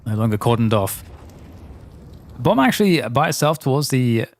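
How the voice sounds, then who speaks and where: A man calls an esports match play by play at a middle pitch. His calls come in short, punchy phrases. A faint hiss sits behind the voice. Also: very animated. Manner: quick, clipped play-by-play calls. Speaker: esports commentator. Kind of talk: play-by-play commentary.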